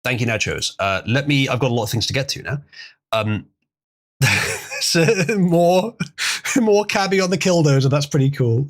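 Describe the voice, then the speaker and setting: Male streamer, lively swinging pitch, rambling casual chat, chuckles, thanks donors. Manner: rambling, chuckling, reading out donations. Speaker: livestream host.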